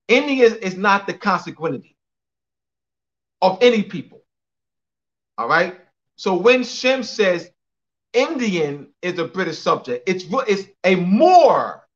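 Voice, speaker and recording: A man's voice: sits high, sing-song, measured pace, long pauses, a bit bright, dull audio. A man giving an emphatic lecture on a call, repeating phrases for clarity and spelling out names letter by letter. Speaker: guest speaker.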